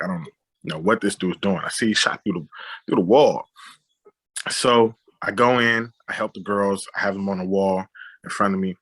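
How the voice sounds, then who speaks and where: A man sits for an interview and retells a story in a lively way, voicing gunshots and what people said. His voice is low and husky with a bright, forceful edge. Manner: animated retelling with sound effects and quoted dialogue. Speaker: interview guest, director and writer. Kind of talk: conversational storytelling.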